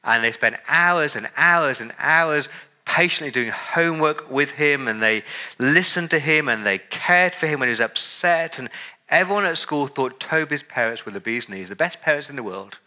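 A man's voice: on the high side, expressive, moderate pace, sharp tone. A man preaching a sermon with emphatic delivery, repeating words and building lists for effect. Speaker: pastor.

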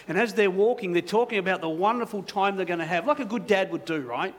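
A man's voice: high voice, fast talker. A man preaching as a pastor, telling a story in a conversational sermon style with many asides to the congregation.

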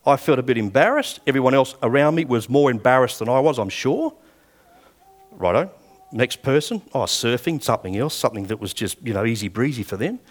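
A man's voice: medium pitch, animated, quick pace, few pauses. A man in his sixties with an Australian accent, preaching a sermon and telling personal stories in a conversational way. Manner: conversational storytelling, acting out past dialogue.

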